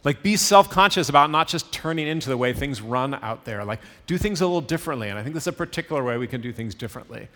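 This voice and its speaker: A man's voice: medium pitch, lively intonation, quick pace, hardly any pauses, sharp tone. A man preaching a sermon as pastor, talking in a loose, conversational way with frequent fillers. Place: church sanctuary. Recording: hall reverb.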